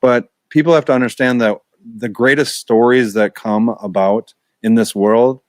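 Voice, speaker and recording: A man's voice: medium pitch, steady tone, moderate pace, no room sound, clean studio sound. A man hosting a podcast, chatting casually and reflecting on what his guest said. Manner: short affirming interjections. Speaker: podcast host. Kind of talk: casual interview chat.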